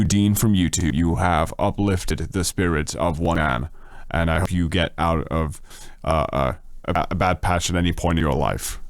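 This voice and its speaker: A man speaking through a deep voice changer, very low and gravelly with a dry, close sound. He chats casually on a livestream, reading comments aloud and cracking crude jokes. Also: no room sound. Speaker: streamer.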